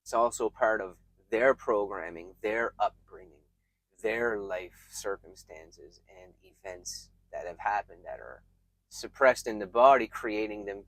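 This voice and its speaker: A man giving reflective, emphatic self-help advice straight to his viewers, pausing often and restarting his sentences. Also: on the low side, dry recording. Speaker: self-help video creator. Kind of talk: earnest self-help talk to camera.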